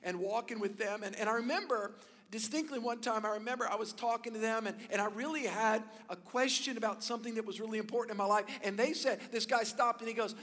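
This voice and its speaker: A man preaches a sermon in a fairly high voice, animated as he tells stories and leans into emphatic points. His voice rings with the long reverb of a large hall. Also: a little fast. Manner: animated storytelling, rising to emphatic peaks. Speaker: pastor.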